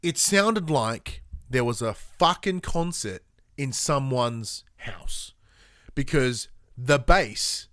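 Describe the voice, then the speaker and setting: A man's voice: mid-range voice, animated, takes it slowly, a bit bright, no room sound, studio quality. A tired man, co-hosting a podcast, telling stories animatedly and swearing freely in casual chat. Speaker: podcast co-host.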